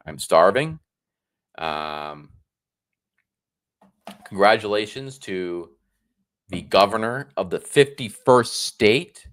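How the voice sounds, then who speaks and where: A man in his thirties from the United States, giving sarcastic political commentary on a solo livestream, often restarting his sentences. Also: lowish voice. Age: 30s.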